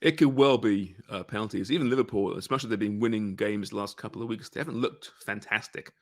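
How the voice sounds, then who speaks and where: Man, low voice, podcast host, casual sports chat, dry close sound. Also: fast talker, no echo. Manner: conversational, fills with "right?" and "you know".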